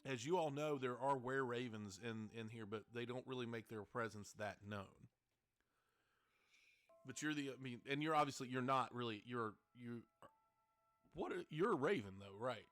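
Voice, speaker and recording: Bright-voiced male game master. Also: medium pitch, moderate pace. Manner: rambling, self-correcting. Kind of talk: narrating a tabletop game.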